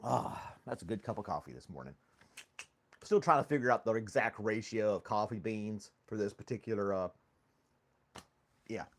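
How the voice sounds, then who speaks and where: His voice is on the low side and fairly bright, with lively intonation, a normal pace and frequent pauses. He's a podcast host running a casual coffee live-stream chat in a foam-walled home studio, laughing often as he reads chat and talks to his dog.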